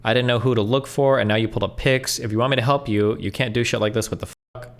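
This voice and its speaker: A male streamer reading messages aloud quickly, breaking in with blunt asides and swearing. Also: medium pitch, fairly even intonation. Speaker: streamer reacting to online posts.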